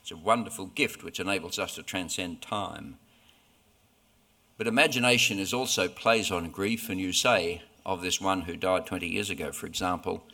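A man preaching a sermon in a slow, deliberate, earnest way, pausing often between phrases. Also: sits low, steady tone, bright, forceful tone. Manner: slow, deliberate, earnest delivery with frequent pauses.

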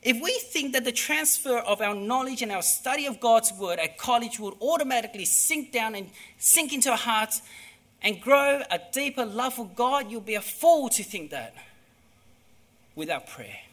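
A man preaching a sermon, emphatic, moving between hushed and loud delivery. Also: very high voice, lively intonation, moderate pace.

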